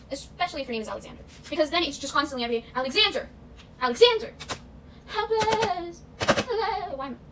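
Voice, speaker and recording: Fast-chatting young woman in a kitchen. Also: high voice. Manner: chatty, self-mocking, breaks into snatches of show tunes. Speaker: vlogger. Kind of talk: casual baking vlog chat. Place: home kitchen. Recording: distant camera mic with noise.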